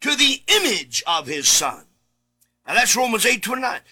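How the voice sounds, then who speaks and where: A male preacher delivering a sermon, reading scripture and repeating key words with emphasis, sometimes shouting. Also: very high voice, sing-song, moderate pace, husky, soft background music. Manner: reads scripture aloud in old Bible wording.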